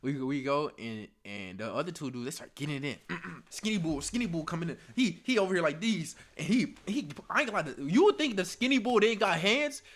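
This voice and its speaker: Animated young man telling a story, slightly high voice. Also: a little fast, few pauses. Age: young adult. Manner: animated, slangy, laughs often and acts out the dialogue. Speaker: storyteller vlogger. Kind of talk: casual storytime.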